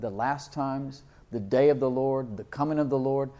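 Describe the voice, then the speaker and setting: A man preaching a sermon, reading scripture slowly and asking his listeners questions, with loud emphatic peaks and frequent laughs. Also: mid-range voice. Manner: reads King James verses slowly and deliberately; asks the congregation questions and laughs often.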